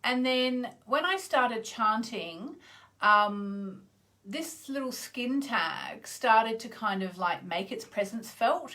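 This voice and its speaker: Chatty Australian woman on a video call. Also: medium pitch. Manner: chatty and meandering, with swings between loud exclamations and soft trailing endings. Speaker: astrologer hosting a live chanting session. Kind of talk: casual live-stream chat.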